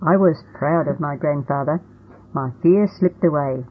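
A woman narrates a first-person storybook in a plain, steady reading manner. Her voice is low and husky. The audio is narrow and tinny, as if heard over a phone. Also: unhurried.

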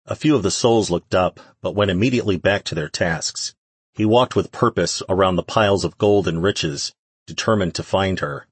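Deep husky guy reading a novel aloud, dry close mic. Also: normal speed, no room sound. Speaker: audiobook narrator. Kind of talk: scripted narration.

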